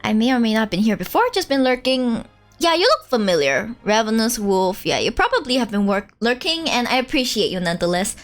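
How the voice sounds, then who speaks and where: A young woman streaming a game, chatting casually in an animated, giggly way. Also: a little high, a little fast, soft background music. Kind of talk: casual let's-play chat.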